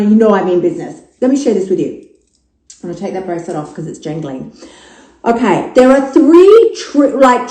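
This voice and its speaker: This Australian woman in her fifties, with a slightly high voice, hosts her own podcast. Her monologue is casual, profane and full of jokes and animated stories. The audio is rough and reverberant.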